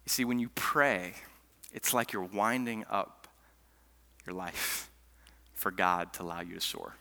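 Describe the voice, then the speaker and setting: A man preaching a sermon as pastor, telling stories with lively swings between loud, eager stretches and hushed, quiet ones. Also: lowish voice, moderate pace, gravelly. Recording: long hall reverb.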